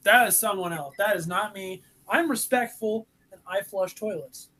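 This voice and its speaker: A woman's voice: mid-range voice, normal speed, fairly bright tone, close to an everyday voice. Woman playing a defensive, nosy wedding guest. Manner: defensive, insistent. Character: nosy tunnel-loving male wedding guest. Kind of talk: live improv comedy.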